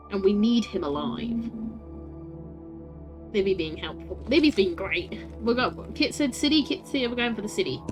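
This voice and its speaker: A woman streaming a story game, chatting with her viewers, laughing often and swearing casually. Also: mid-range voice.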